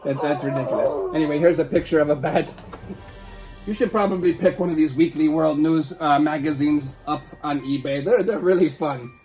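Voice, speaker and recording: A man's voice: fairly high pitch, fairly quick, darkish tone, soft background music. A man hosting a comedy show, reading a tabloid article aloud and breaking off with playful, teasing asides to a silent puppet sidekick.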